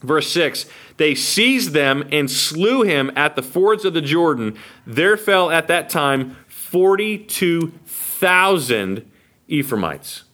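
Animated American man teaching a Bible class. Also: fairly high pitch, slow. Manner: animated, acts out quotes, asks listeners okay.

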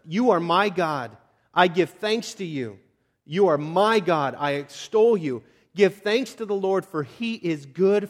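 A male pastor preaching a sermon, telling the story dramatically with chatty asides and sudden drops to a near whisper. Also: on the high side. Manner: dramatic storytelling, swinging from hushed to shouting; conversational asides.

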